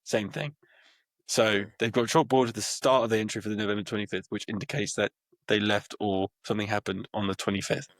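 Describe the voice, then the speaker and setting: Guy laying out facts then poking holes, lowish voice, dry. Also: steady tone, quick pace, no room sound. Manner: explains facts, presses with questions. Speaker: podcast co-host. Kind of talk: casual chat.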